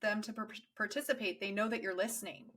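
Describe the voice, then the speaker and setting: Woman host, bright tone, casual affirming interview chat. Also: mid-range voice, steady tone, fast. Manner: affirming, speaks of spiritual guides.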